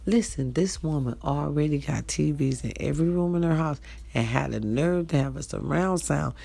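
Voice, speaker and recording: A middle-aged woman with an African American Vernacular English accent, telling a blunt, profane, animated story straight to her listeners. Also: low voice, moderate pace, vocal fry. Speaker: online talk show host. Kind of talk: casual storytelling monologue.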